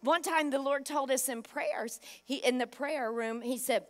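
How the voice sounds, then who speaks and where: A woman with a high voice preaching to her congregation. She is emphatic, acts out scripture lines and keeps putting direct questions to her listeners. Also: measured pace. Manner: emphatic preaching with dramatized Bible quotes. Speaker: pastor. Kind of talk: sermon.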